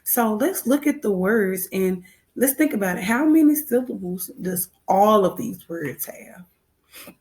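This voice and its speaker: A woman's voice: mid-range voice, lively intonation, measured pace, darkish tone. A woman first grade teacher with a Southern American accent, patiently walking young children through a phonics lesson and repeating her instructions.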